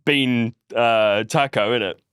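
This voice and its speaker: A man's voice: mid-range voice, slow pace, a bit bright, clean tone, no room sound, clean studio sound. A man co-hosting a podcast, talking in a laid-back, blunt way with swearing and jokes. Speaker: podcast co-host. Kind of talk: casual political podcast chat.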